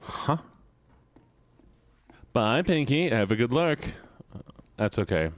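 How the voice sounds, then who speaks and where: A man streaming a game and chatting casually with viewers, animated and self-mocking, thinking aloud as he plays. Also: medium pitch, slow pace. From United States. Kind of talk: casual gameplay chat with viewers.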